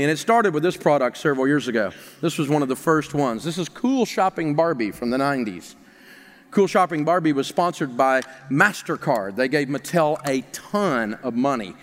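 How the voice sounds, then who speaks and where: A man with a high voice works a live seminar crowd, animated and mocking as he throws rhetorical questions at them. His voice rings with the long reverb of a large hall. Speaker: financial seminar speaker and radio host. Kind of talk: live seminar talk to an audience.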